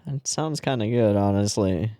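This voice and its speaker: A man's voice: on the low side, moderate pace, warm tone, no echo, studio quality. A man hosting an anime reaction channel, giving casual commentary with short murmured interjections and wry asides.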